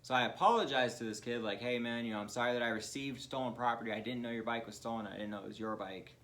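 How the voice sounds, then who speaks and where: A man, co-hosting a comedy podcast and telling profane, laughing childhood stories. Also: fast talker. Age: 20s. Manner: profane, laughing, drops into low flat voice to quote others. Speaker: podcast co-host. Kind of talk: casual comedic storytelling.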